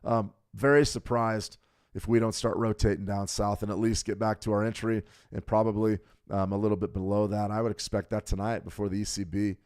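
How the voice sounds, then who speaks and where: Male trading-stream host, lowish voice, throat a little choked, chatty coaching delivery. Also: steady tone, a little fast, a little mellow, smooth. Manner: conversational, coaching, talks to viewers directly. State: throat a bit choked up from smoke. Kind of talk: live market commentary.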